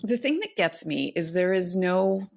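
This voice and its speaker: A woman with a low, gravelly voice co-hosts a casual podcast. She talks in a loose, thoughtful ramble with lots of fillers and restarts. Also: lively intonation, unhurried, a little mellow. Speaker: podcast co-host. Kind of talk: casual chat.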